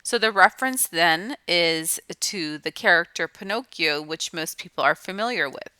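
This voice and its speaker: A woman's voice: on the low side, expressive, normal speed, sharp tone, smooth, dry recording. A woman teacher giving a recorded lesson to students, explaining patiently and restating each point.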